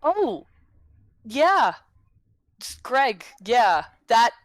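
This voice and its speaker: A woman's voice: on the high side, big pitch swings, drawn-out words, dry recording, studio quality, pitched above the performer's own voice, full character voice. A woman voicing an awkward young male warlock who stumbles over his words in an over-cheerful way. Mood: flustered.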